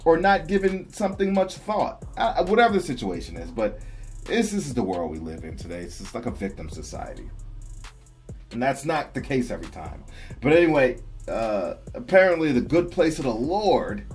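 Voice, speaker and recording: A man's voice: medium pitch, sing-song, moderate pace, a little mellow, faint music behind. A young man hosting a reaction video, chatting casually and laughing often as he talks back at a clip.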